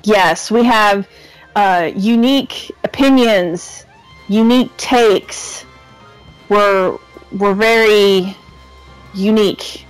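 A woman's voice: mid-range voice, low-quality recording. A woman hosting a casual podcast, upbeat and giggly as she keeps things orderly. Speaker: podcast host.

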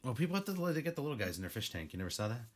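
A man chatting on a relaxed podcast, teasing his co-host and riffing on the news. His pitch moves around expressively, at a middling height. The talk is easygoing and playful. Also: rapid-fire. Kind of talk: casual chat.

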